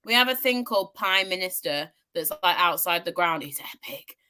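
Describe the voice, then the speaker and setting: A woman teases and jokes through a casual chat, laughing often. Her pitch swings widely as she talks, full of expression. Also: lively intonation, normal speed, pushed and bright, clear, resonant tone. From North of England. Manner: playful, teasing, lots of laughter. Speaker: podcast co-host.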